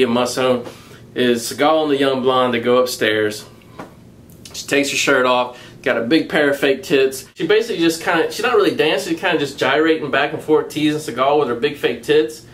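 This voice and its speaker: A man giving a casual, profanity-laden movie review, recounting the plot in a crude, mocking, animated way and laughing along. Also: mid-range voice, moderate pace.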